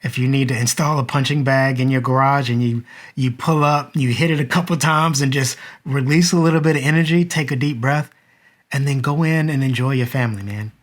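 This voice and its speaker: A man's voice: mid-range voice, steady tone, brisk. Earnest man telling a personal story. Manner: earnest, reflective, speaks straight to the viewer. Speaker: vlogger and father.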